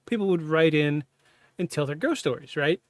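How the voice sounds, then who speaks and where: A man's voice: on the high side, lively intonation, no room sound. Candid man hosting a podcast. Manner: halting, self-interrupting, candid. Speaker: podcast host. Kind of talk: casual storytelling.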